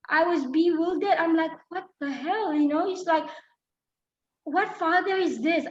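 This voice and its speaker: A middle-aged woman from Malaysia telling a personal story in a talk, emotional and full of fillers and restarts. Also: high-pitched. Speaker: speaker. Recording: dull lo-fi sound.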